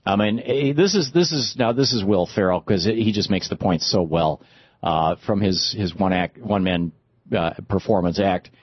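Low-voiced man musing on politics, dry and dull. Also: moderate pace, slightly rough, no room sound. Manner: rambling, conversational, frequent fillers and restarts. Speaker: talk radio host. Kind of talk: casual political commentary.

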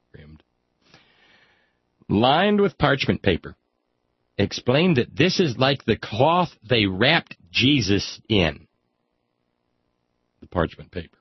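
A man's voice: on the low side, slightly rough, no echo. A man reading aloud in a sardonic comic style, with wry, mock-solemn asides. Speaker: comic reader. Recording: dry, slightly dull lo-fi sound.

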